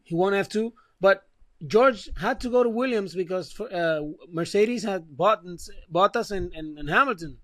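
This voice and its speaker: A man's voice: high-pitched, moderate pace, a bit bright, no room sound, clean studio sound. A man co-hosting a podcast in casual chat, blunt and sarcastic. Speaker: podcast co-host.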